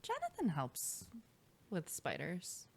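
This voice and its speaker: A woman with a somewhat low voice co-hosts a casual podcast chat in a home basement studio. She talks in a chatty way and acts out what people said as she tells her stories. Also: huge pitch swings, slow, creaky, slightly rough. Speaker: podcast co-host.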